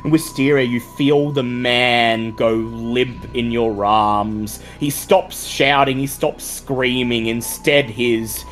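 A man narrating a tabletop vampire game as game master, measured and descriptive. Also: medium pitch, steady tone, fairly bright tone, soft background music.

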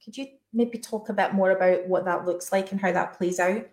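A woman hosting a podcast, gently steering the talk and inviting her guest to explain. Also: mid-range voice, fairly even intonation, fairly quick. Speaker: podcast host. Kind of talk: interview questions.

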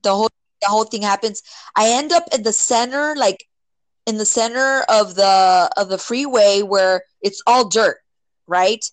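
A woman casually telling a personal story, filling it with "like" and "right?" and acting out quotes with sudden jumps in pitch. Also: moderate pace, no room sound, low-quality recording. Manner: filler-heavy, many "like" and "right?".

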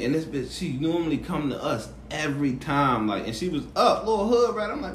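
A man's voice: a little high, fast. A man hosting a casual podcast, telling stories and acting out quotes. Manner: animated storyteller, acts out quotes. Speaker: podcast host. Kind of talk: casual chat. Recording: echoey room, faint noise.

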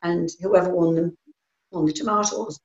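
An older woman with a North East English accent and a fairly low voice tells her story in a plain, earnest way, often pausing on "um". The recording is roomy and a little dull. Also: fairly even intonation. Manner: plain-spoken, earnest, hesitant with many ums. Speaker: interviewee. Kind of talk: personal recollection.

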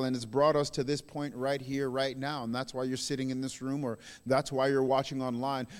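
A male pastor in his thirties preaching a sermon, swinging between loud emphatic bursts and soft hushed phrases. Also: fairly high pitch, clean tone. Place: large church hall. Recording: long reverb in a large hall.

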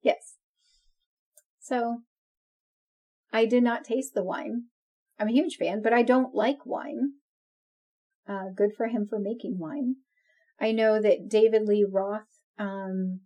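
A woman's voice: medium pitch, fairly even intonation, slow pace, pauses often, mellow. A woman co-hosting a podcast, chatting casually and laughing often. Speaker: podcast co-host. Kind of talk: casual chat.

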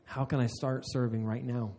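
A man's voice: mid-range voice, flat delivery, normal speed, a little mellow. A man preaching a sermon in an earnest way, often restarting mid-phrase and laughing at himself. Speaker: pastor.

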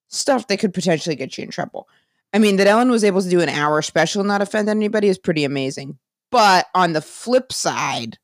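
A woman's voice: lowish voice, no echo. A woman podcast host and comedian talking in a casual solo monologue, rambling and jokey, often cutting herself off mid-thought. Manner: rambling, self-interrupting, jokey.

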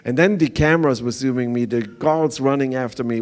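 In halting English peppered with fillers, an older man with a German accent offers a heartfelt sermon testimony as a guest pastor. His voice has medium pitch and a darkish tone.

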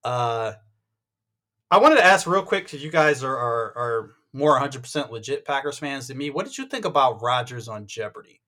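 A man co-hosting a casual sports chat, animated and stammering, with many restarts, acting out what others said. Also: mid-range voice, moderate pace. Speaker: podcast co-host.

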